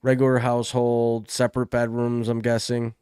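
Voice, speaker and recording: A man co-hosting a casual talk show, pressing with quick, joking questions. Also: mid-range voice, monotone, a little mellow, clear, resonant tone. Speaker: co-host. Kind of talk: casual chat.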